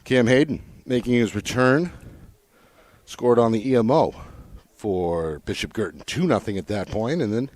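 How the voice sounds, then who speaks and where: A male play-by-play announcer with a somewhat low voice calls the game from the press booth. His delivery is brisk and measured as he runs through the scoring. The sound is close and dry. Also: animated, darkish tone, no echo. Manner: brisk, measured recap of scores and plays. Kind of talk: sports play-by-play commentary. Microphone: broadcast booth mic.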